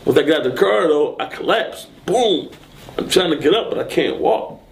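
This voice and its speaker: Interviewee: man, slightly high-pitched, telling a story in a loose, lively way that jumps into loud voiced quotes. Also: fairly quick, creaky. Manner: animated, acts out quotes and shouts in sudden high bursts.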